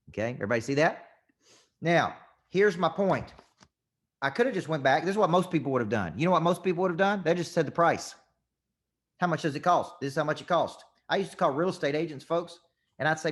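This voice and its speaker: A man's voice: mid-range voice, a bit bright. A man who is a business coach gives a motivational talk to an audience and acts out sales calls as dialogue.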